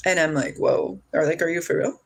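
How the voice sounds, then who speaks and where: A woman hosting a livestream, reading viewer comments aloud and answering them in a blunt, animated way, swearing freely. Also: low-pitched, fairly quick, creaky, breathy edge. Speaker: livestream host. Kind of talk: casual chat reading live comments.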